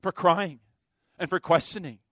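Impassioned preacher man, higher voice. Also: normal speed, no echo, clean studio sound. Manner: impassioned, preaching with sharp swings in loudness. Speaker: pastor. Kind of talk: sermon.

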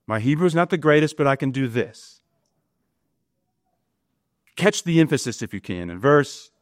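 A man preaching a sermon, slow and emphatic, often asking his listeners rhetorical questions. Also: medium pitch, dry recording, studio quality. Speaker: pastor.

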